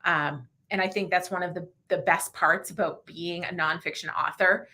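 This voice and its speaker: Bright-voiced woman hosting a livestream. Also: lowish voice, fairly even intonation. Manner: chatty, laughs often, demonstrates slow audiobook reading. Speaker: livestream host. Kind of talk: casual livestream chat.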